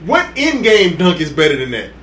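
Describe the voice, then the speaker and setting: A man on a podcast, telling excited sports stories in casual chat, acting out quotes and laughing loudly. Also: a little high, normal speed. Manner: excitable storytelling, loud laughs and acted quotes. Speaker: podcast co-host. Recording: echoey room with faint hiss.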